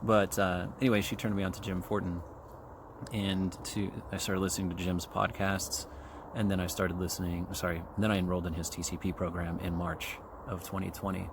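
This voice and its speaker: A man's voice: deep voice, flat delivery, fairly quick. A man in his forties from Kansas City, hosting a podcast solo, chewing gum and talking casually with lots of fillers and swearing while out on a trail. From Kansas City, USA. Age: 40s. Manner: rambling, profane, with many fillers and asides. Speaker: podcast host. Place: outdoors on a trail. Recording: faint outdoor background noise.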